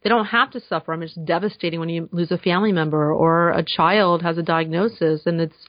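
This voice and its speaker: A woman's voice: fairly low pitch, steady tone, fast, dry recording. A woman speaking as a guest in a casual podcast interview, earnest and enthusiastic, with frequent fillers. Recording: dull slightly lo-fi dry sound.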